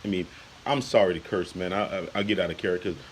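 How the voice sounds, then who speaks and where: Heated low-voiced man in his thirties. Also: fairly even intonation, fast, slight background noise, rough recording. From United States. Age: 30s. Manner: heated, repetitive, tosses in "man" and "you know". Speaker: YouTuber. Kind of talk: casual vlog rant.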